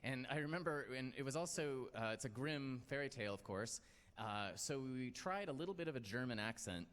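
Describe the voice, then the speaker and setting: Brisk and lively, a clean, fairly bright mid-range voice belongs to an American man hosting a live storytelling night. He rambles through a personal story, putting himself down and using lots of fillers, with long hall reverb in the background.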